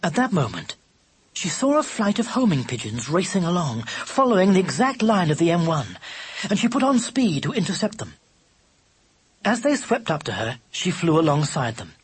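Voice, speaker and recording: A narrator reading a children's novel aloud in an expressive, animated storytelling manner. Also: medium pitch, moderate pace, slightly rough. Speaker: audiobook narrator.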